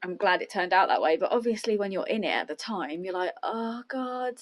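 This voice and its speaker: A woman's voice: lowish voice, animated, fast. A woman hosting a podcast, chatting reflectively in a rambling way with many restarts. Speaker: podcast host. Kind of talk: casual chat.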